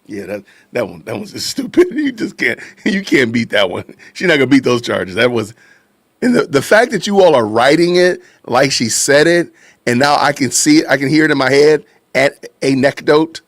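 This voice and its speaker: Animated man hosting a live stream. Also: mid-range voice, moderate pace, dry recording, clean studio sound. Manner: animated, reacting to chat, laughing, repeating phrases. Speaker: podcast host. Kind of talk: casual live-stream commentary.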